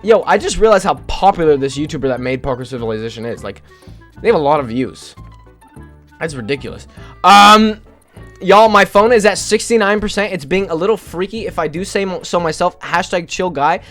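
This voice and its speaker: A man's voice: high-pitched, animated, fairly quick, a bit bright, soft background music. Rambling, joking male streamer. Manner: rambling, joking, profane, self-mocking. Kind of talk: casual live-stream chat with viewers.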